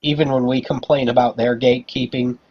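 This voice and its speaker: A man talks bluntly in a casual podcast chat, airing his complaints without softening them. His voice sits in a middle pitch range. The audio is dull and lo-fi, as if the top end has been muffled. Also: level tone, brisk, slightly rough.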